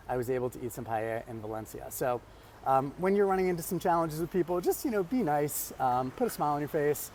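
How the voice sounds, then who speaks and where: A man's voice: mid-range voice, darkish tone, slight background noise. A man hosting a casual vlog, telling a travel story in a chatty way with many fillers and restarts. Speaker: vlog host. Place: traveling abroad, outdoor ambience.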